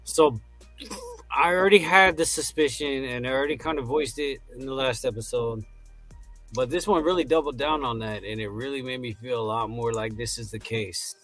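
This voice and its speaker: Male podcast co-host, mid-range voice, measured arguer, faint music behind. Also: mid-range voice, fairly bright tone. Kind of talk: casual recap chat.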